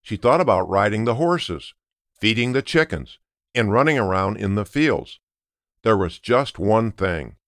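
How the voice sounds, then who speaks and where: A man narrating a children's story aloud in an expressive storytelling manner. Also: fairly low pitch, unhurried, no room sound, clean studio sound. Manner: expressive, sing-song storytelling.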